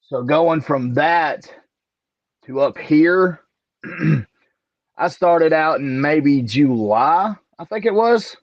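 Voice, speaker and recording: Guy from alabama talking real slow, dry muffled sound. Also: a little high, lively intonation, no echo. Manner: slow, measured, clears throat. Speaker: wrestler guest. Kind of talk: casual interview answers. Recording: dry, dull lo-fi audio.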